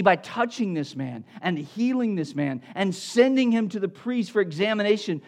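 A man preaching a sermon as pastor, asking rhetorical questions, repeating words as he builds a point, and swinging between emphatic lines and quiet asides. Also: high-pitched.

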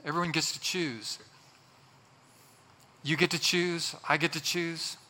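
A man's voice: a little high, steady tone, a little slow, pushed and bright. A man preaching a sermon, emphatic, repeating his phrases for effect, then leading a prayer. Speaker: pastor. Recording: long hall reverb.

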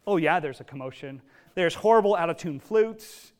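A male pastor delivers a sermon in a lively storytelling manner, with casual asides along the way. His voice sits a little higher than most men's. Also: moderate pace.

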